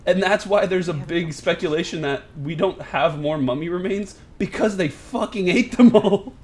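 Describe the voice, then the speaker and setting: A man's voice: sits high, normal speed, a little mellow, slight background noise. A young American man hosting a casual gameplay session, brash and profane, laughing often. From United States. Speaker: gaming channel host.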